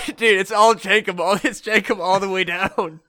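A man co-hosting a loose comedy podcast, cursing constantly and breaking into laughter as he acts out his own reactions. His voice is bright and forceful and sits a little high for a man. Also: fairly even intonation, normal speed. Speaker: podcast co-host. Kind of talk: casual comedy podcast chat.

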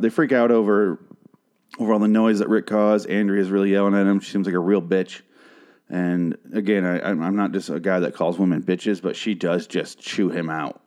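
Profane, rambling young man, lower voice. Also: darkish tone. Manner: profane, rambling, heated, frequent fillers. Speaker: podcast host recapping a TV episode. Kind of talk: casual rant and recap.

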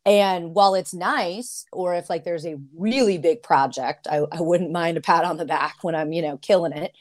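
A middle-aged woman in casual conversation on a podcast, telling stories with lively acted-out dialogue. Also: lowish voice, moderate pace. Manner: animated storyteller, acts out quoted dialogue.

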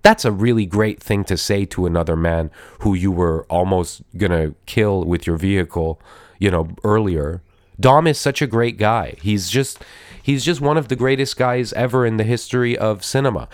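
A man's voice: fairly low pitch, normal speed, no room sound, studio quality. A man hosting a podcast, reviewing a movie in a wry, rambling way with lots of restarts and repeated words. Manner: wry, mock-admiring tone. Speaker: podcast host. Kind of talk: casual movie review talk.

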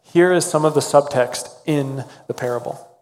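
A man's voice: fairly high pitch, normal speed. A man preaching a sermon as pastor, earnest and conversational, with casual fillers between points. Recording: long hall reverb.

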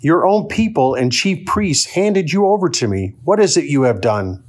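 A stern Roman governor pressing his questions in a raised, slightly higher voice, as a man reading scripture puts him on. The tone is firm and interrogating. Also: very animated, normal speed.

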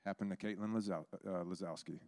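Low-voiced man preaching a sermon. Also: fairly even intonation, fairly quick, darkish tone, no room sound, studio quality. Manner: storytelling, acts out quoted voices.

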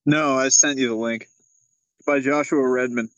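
A man's voice: medium pitch, steady tone, normal speed, a bit bright, dry recording, highs cut off. A man co-hosting a casual chat over a video call, laughing often and swearing as he tells stories. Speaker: podcast co-host.

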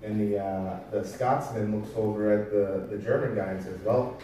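A man's voice: fairly low pitch, steady tone, normal speed, dark tone, slight background noise. A man preaching a sermon in a conversational storytelling way, firing rhetorical questions at his listeners. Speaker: pastor. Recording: very echoey hall from far off.

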